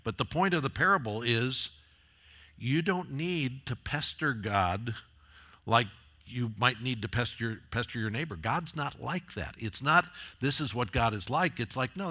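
A man's voice: mid-range voice, pushed and bright, husky. A man preaching a sermon in a conversational way, rising into emphatic repeated phrases. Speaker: pastor.

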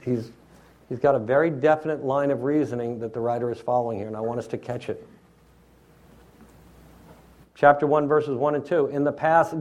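A man's voice: medium pitch, a little mellow. A man preaching an expository sermon in a teacherly way, often checking in with his listeners.

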